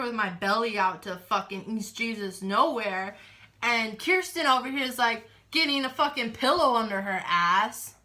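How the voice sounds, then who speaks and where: A woman's voice: on the high side, moderate pace, pushed and bright. Blunt, sarcastic young woman ranting. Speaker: vlogger. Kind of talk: casual rant to camera.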